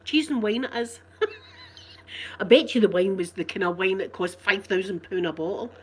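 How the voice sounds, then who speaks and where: A woman's voice: mid-range voice, normal speed, breathy edge. A woman with a Glasgow accent chatting casually with her live viewers, rambling and laughing often. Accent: Scottish, Glasgow. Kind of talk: casual live-stream chat.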